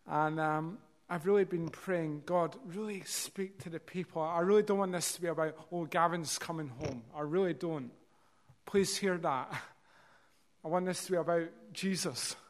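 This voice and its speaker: A Scottish man preaches to a congregation and leads a prayer. His voice sits a touch on the high side, and he talks with earnest sincerity and hesitant fillers. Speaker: visiting preacher. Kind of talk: sermon and spoken prayer.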